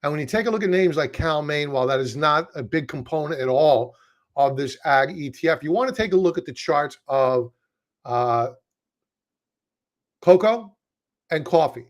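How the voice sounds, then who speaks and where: A man's voice: fairly high pitch, a little fast. A man with a Brooklyn accent giving casual, chatty stock market commentary, joking at his own expense. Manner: chatty, self-deprecating, wordy restarts. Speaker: market analyst.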